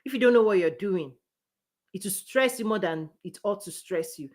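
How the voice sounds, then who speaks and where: A woman's voice: medium pitch, expressive, moderate pace, darkish tone. A woman business coach giving a motivational live-stream talk. She speaks in an emphatic, repetitive preaching cadence and laughs between her points.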